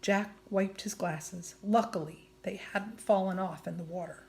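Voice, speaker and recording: Slow woman reading a storybook aloud. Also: medium pitch, steady tone. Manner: slow, deliberate, drops to a whisper at hushed moments. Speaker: storybook reader. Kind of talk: reading a children's chapter book aloud.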